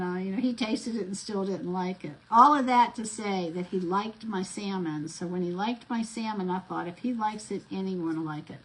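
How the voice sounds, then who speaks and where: A middle-aged woman with a medium-pitched voice, heard on a low-quality recording, chats through a craft vlog. She rambles from story to story as she works, with lots of fillers and restarts.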